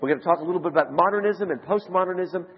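A man giving a conference lecture to a live audience, telling stories in an animated way. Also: very fast, slightly rough. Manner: animated storyteller, rising to high excited shouts. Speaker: conference speaker. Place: large conference hall. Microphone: handheld mic. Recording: lo-fi hall recording with long reverb.

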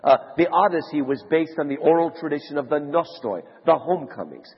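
A man giving a conference lecture to a live audience, telling stories in an animated way. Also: fairly quick, breathy edge. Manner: animated storyteller, rising to high excited shouts. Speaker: conference speaker. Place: large conference hall. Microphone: handheld mic. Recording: lo-fi hall recording with long reverb.

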